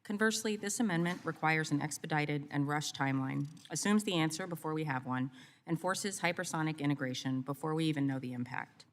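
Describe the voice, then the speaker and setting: A woman committee member reading prepared remarks in a measured, formal way. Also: low voice, a little hiss or hum. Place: large hearing room. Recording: long reverb of a hearing room.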